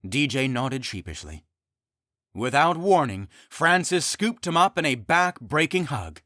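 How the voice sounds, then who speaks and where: A man narrating his own fantasy comedy audiobook in an expressive, animated way. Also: medium pitch, a little slow, no echo, studio quality.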